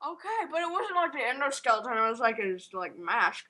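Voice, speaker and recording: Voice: mid-range voice, very animated, a little fast, pushed and bright, low-quality recording. A storyteller rambling through an absurd comedic tale in a strained, put-on silly voice, full of fillers and restarts.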